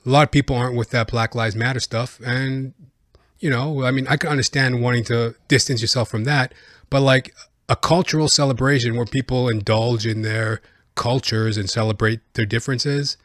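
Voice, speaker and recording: Rambling, profane comic podcast host. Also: male voice, mid-range voice, fairly even intonation, moderate pace, fairly bright tone, dry recording, clean studio sound. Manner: rambling, profane, lots of filler words. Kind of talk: comedic reaction rant.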